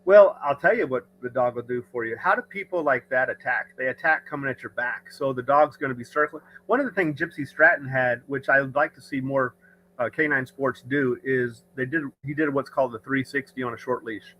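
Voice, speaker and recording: A man's voice: medium pitch, brisk, sharp tone, poor audio. A man hosting a casual livestream chat, talking in an opinionated, rambling way with frequent restarts. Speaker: podcast host. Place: rural home studio.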